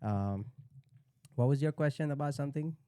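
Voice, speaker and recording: A man's voice: on the high side, moderate pace, warm tone, no room sound, clean studio sound. A man hosting a casual podcast chat, joking and laid-back, often calling people "bro". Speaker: podcast host.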